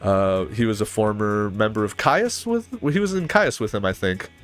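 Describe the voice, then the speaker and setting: A man's voice: fairly low pitch, expressive, moderate pace. A man in a casual chat about music, rambling with lots of fillers and humming riffs aloud. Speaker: podcast panelist.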